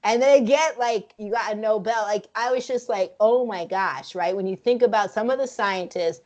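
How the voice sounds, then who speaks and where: A woman co-hosting a casual film review chat, frank and profane, speaking in an animated way. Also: a little high, fairly quick, dull audio. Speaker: podcast co-host.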